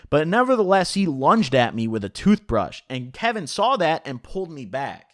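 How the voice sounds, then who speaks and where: A man's voice: a little high, normal speed, hardly any pauses, no echo, studio quality. A man telling a story in a casual vlog, swearing often and filling his talk with "like". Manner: animated, heavy swearing and filler "like". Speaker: storytelling vlogger.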